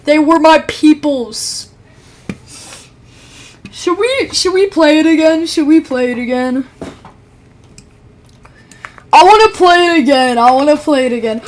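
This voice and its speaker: Excitable young woman streamer, very high voice. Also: normal speed, pauses often. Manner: excitable, shrieks and mock-cries when things go wrong; mutters low to herself between outbursts. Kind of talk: live gaming stream commentary. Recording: game music loud behind the voice.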